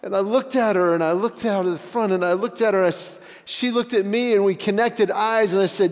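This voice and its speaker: A stand-up comedian in his forties spins family stories and jumps into character for the dialogue. His voice sits high for a man. It rings out into a big reverberant auditorium with a long decay. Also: brisk, hardly any pauses. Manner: animated, acts out dialogue with voice shifts. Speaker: guest speaker, stand-up comedian. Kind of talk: stand-up storytelling. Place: church auditorium.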